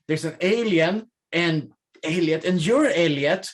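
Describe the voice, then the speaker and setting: A man playing a kid in a tabletop game, talking in an excitable, flustered way. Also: fairly high pitch, measured pace. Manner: excitable, flustered, rising to shouts. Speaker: player.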